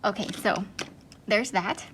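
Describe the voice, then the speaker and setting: A woman's voice: medium pitch, a little slow, fairly bright tone, a little hiss or hum. A woman hosting an art channel, gushing in casual chat, full of "like" and "um" fillers. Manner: chatty, gushing, many "like" and "um" fillers.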